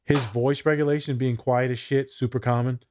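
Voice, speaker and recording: A man's voice: medium pitch, steady tone, moderate pace, a little mellow, a little hiss or hum. A man, a teacher, chatting casually on a podcast, laid-back and swearing freely. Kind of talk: casual chat.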